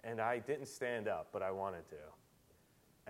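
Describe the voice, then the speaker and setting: A male preacher giving a sermon as an animated storyteller who acts out the people he quotes. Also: lowish voice, slow.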